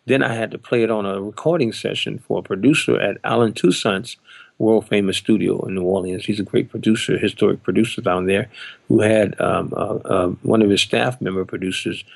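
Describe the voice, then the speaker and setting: Older guy, drummer, telling a story on a podcast, gravelly voice, does everybody's voices, dry sound. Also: on the low side, no echo. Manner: animated, acts out other people's lines in his story. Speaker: drummer telling of his audition.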